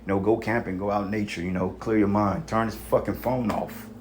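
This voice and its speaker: Man, low voice, casual sermon, street talk, swears a lot, keeps asking you know what i'm saying. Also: fairly even intonation, a little fast, slight background noise. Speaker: preacher. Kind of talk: informal sermon exhortation.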